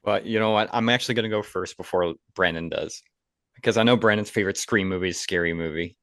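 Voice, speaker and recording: Lively, opinionated man, dry close sound. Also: deep voice, quick pace, dry recording. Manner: enthusiastic, opinionated, laughs often. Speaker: podcast co-host. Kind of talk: casual movie chat.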